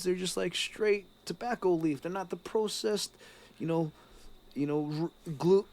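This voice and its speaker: Animated man telling stories on a video call. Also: high-pitched, a little slow. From Toronto, Canada. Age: 30s. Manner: animated storyteller, slips into put-on voices, laughs often. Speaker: podcast co-host. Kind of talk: casual podcast chat.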